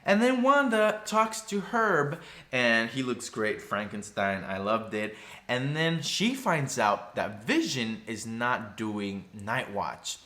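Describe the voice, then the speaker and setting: A man's voice: medium pitch, slow. A man casually recapping a TV episode, chatty and filled with "you know" asides, sometimes acting out the characters' lines. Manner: acts out character lines in animated voices. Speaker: TV recap vlogger.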